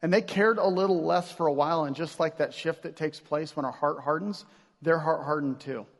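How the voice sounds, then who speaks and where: A man preaching a sermon in a relaxed, conversational style, slipping into slang and acting out little scenes. His voice sits a bit high for a man. It rings out with a long reverb, as in a large hall. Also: brisk. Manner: conversational, animated preaching with casual slang and acted-out quotes. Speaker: pastor.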